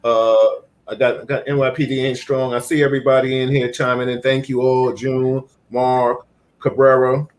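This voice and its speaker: Man hosting a talk stream, mid-pitched voice, chatty, reads viewer comments. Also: little pitch movement, normal speed. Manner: reads out viewer comments, retells stories animatedly. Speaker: host. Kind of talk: casual chat.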